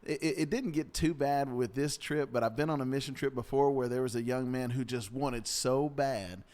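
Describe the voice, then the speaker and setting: A man sharing stories in casual chat, conversational, with halting restarts and chuckles. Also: medium pitch, darkish tone.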